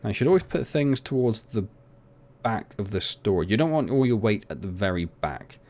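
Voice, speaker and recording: Young man, gaming commentary, lively pitch, self-mocking chatter. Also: moderate pace. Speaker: gaming channel host. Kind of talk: casual let's play commentary.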